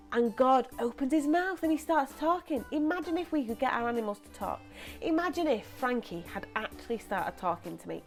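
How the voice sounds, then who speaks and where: Animated woman telling a story. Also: high-pitched. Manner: animated, chatty, acts out voices. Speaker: children's church presenter. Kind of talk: lively storytelling.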